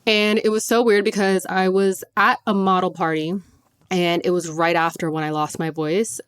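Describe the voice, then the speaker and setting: A woman's voice: fairly low pitch, flat delivery, moderate pace, clear, resonant tone, no room sound, studio quality. A young woman hosting her podcast in casual chat, talking chattily with lots of "like" and frequent laughs. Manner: chatty, filler-heavy with frequent "like"; laughs often while talking. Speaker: podcast host.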